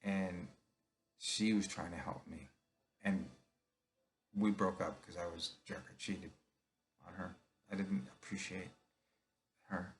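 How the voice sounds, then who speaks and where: Deep gravelly man telling a confession. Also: fairly even intonation, takes it slowly, long pauses. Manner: candid, confessional, quotes others in his own voice. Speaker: speaker telling his own story. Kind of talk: personal storytelling monologue.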